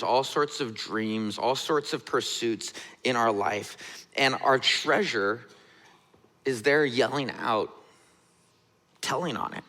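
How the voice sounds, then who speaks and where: Pastor guy in his 30s preaching, bright forward voice, chatty with lots of "right?", church hall echo. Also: mid-range voice. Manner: conversational, relatable preaching with frequent "right?". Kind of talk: sermon. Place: church sanctuary.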